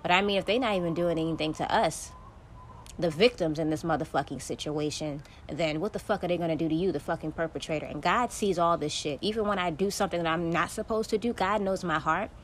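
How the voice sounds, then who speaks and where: Podcast host, woman, lower voice, swearing and venting hard, faint hiss behind. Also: a bit bright. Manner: profane, venting, emphatic. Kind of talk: solo podcast monologue.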